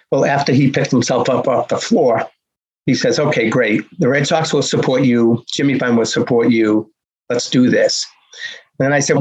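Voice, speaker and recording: Husky older man telling stories. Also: medium pitch. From Boston area, USA. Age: 60s. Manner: acts out dialogue, punchy repetitions. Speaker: guest telling his life story. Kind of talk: animated storytelling. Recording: dull lo-fi recording.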